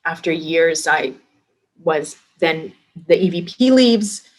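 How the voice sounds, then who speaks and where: Middle-aged woman guest, restaurant executive, slightly low voice, animated anecdotes. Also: slow. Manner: lively anecdotes acting out quoted dialogue. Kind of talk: casual interview storytelling.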